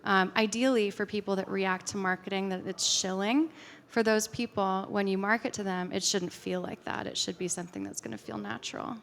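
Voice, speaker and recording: Woman conference speaker, chatty and filler-heavy, mid pitch, hall reverb. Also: steady tone, a little fast. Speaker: conference speaker answering audience questions. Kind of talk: casual conference Q&A.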